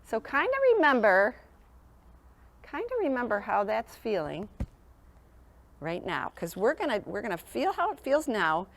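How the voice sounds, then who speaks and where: A woman leads a class of young children in a classroom, her voice pitched somewhat high. She talks in an encouraging, sing-song teacher manner and keeps checking that the kids are following along. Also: very animated, a little slow, pauses often, slight background noise. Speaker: sleep program presenter. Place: school classroom.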